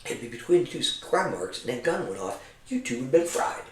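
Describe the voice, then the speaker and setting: A middle-aged man, a retired army veteran, spins rambling, profanity-laced war stories. He imitates the men he served with as he tells them. His voice sits at an ordinary pitch, and it sounds roomy and a bit distant from the microphone. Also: a little fast. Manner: profane, animated storyteller acting out his comrades' voices. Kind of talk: casual storytelling over drinks.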